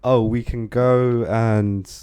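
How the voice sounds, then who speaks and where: A man's voice: medium pitch, steady tone, takes it slowly, mellow, clean tone, dry recording. A young man co-hosting a podcast in casual chat, laid-back with short replies. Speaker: podcast co-host.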